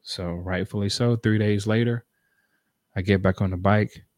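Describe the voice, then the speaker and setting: A man's voice: fairly low pitch, fairly even intonation, normal speed, a little mellow, no echo. A man, earnestly telling a personal story in a conversational, repetitive way to make a motivational point.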